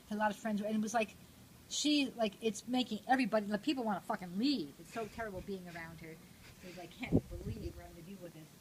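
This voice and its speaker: An older woman telling a rambling, profane story in casual chat, laughing often. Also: medium pitch. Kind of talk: casual anecdote. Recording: noisy home recording.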